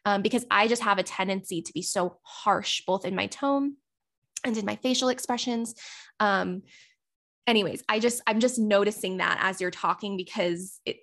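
A woman's voice: medium pitch, a bit bright. Candid, reflective woman in her thirties. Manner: candid and reflective, with frequent "like" and "you know". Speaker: podcast host. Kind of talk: casual conversational interview.

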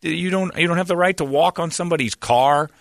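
A man's voice: a little high, brisk, vocal fry, dry recording, clean studio sound. A man hosting a casual chat, rambling and joking, laughing often at his own bits.

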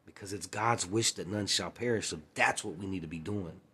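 A man's voice: deep voice, brisk, bright, forceful tone, slightly rough. A man in a casual storytelling monologue, acting out old conversations and often adding "you know what I'm saying". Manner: acts out past conversations. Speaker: former music manager.

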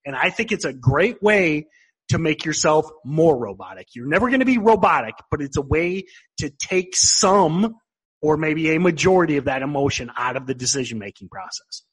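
A man with a Midwestern American accent, hosting a podcast and explaining trading ideas in a relaxed way, filling with um and you know. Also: fairly high pitch, normal speed, breathy edge, low-quality recording. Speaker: podcast host. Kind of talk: casual podcast talk.

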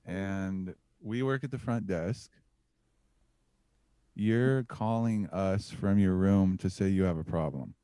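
A man hosting a podcast, calmly explaining a game and asking questions. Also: low voice, takes it slowly, clean tone, no room sound. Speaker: podcast host. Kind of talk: casual chat.

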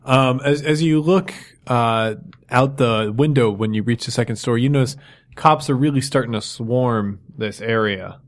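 A man's voice: medium pitch, normal speed. A man running a tabletop game as game master, narrating loosely with many restarts. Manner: rambling, loose, lots of fillers and restarts.

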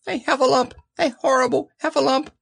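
A man voicing a small timid young male piglet, squeaky, stammering and breathless with fright in an audiobook. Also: slow pace, exaggerated voice. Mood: terrified. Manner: panicky, breathless. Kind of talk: audiobook character voice.

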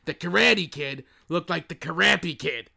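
A man puts on a sleazy producer pitching a cheap knockoff film, halting and rambling with lots of fillers. The voice sits a touch high and sounds bright and forceful. It is an improvised comedy sketch. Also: gravelly, heavily acted. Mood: scheming. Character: scheming male film producer, sleazy and eager.

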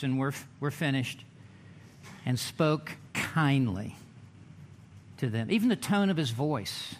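A man preaching a sermon in a church, emphatic, with dramatic pauses and drawn-out words. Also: fairly high pitch, a little hiss or hum. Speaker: pastor.

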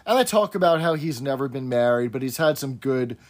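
A man's voice: mid-range voice, expressive, a little fast. A man co-hosting a casual podcast, recapping episode plots and explaining jokes in a dry manner. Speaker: podcast co-host.

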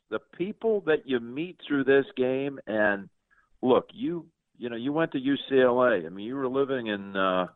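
Brief: broadcaster in his 60s, deep voice, halting storyteller, dry and close. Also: no echo. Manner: earnest, halting with many restarts. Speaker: interview guest, sports broadcaster. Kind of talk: casual interview storytelling. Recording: tinny dry phone-like line.

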